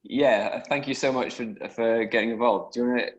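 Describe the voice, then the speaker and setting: A man's voice: medium pitch, fairly even intonation, fairly quick, lo-fi sound. A man hosting a video call, chatting loosely with lots of fillers and easy laughs. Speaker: host. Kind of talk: casual video call chat.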